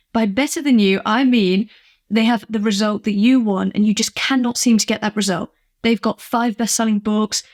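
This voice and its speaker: A woman's voice: medium pitch, darkish tone. A woman business coach from England giving an earnest, emphatic motivational vlog talk, acting out little quoted exchanges.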